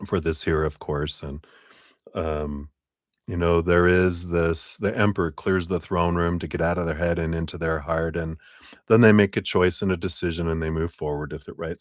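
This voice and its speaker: A man with a very low voice gives a tarot reading on a live stream. He is relaxed and chatty and talks in spiritual terms. His voice is close and dry, with no room sound. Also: no room sound. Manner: relaxed, chatty, thanks donors, spiritual wording. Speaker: tarot reader. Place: home.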